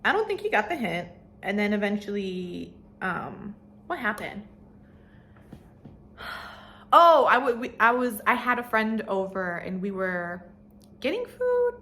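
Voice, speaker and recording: A woman in her twenties telling an animated, slangy story while getting ready, swearing freely and mimicking the people in it. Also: medium pitch, measured pace, pauses often. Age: 20s. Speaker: vlogger. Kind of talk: get-ready-with-me storytime chat.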